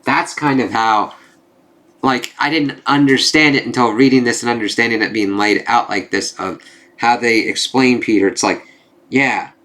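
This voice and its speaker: A man's voice: medium pitch, moderate pace, bright, forceful tone. A young man talking casually in a rambling video review, swearing freely and filling gaps with "like". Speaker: comic book reviewer.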